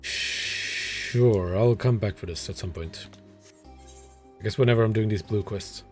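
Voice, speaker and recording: A man's voice: on the low side, unhurried, soft background music. A man casually commenting while streaming a game, wry and profane, muttering asides.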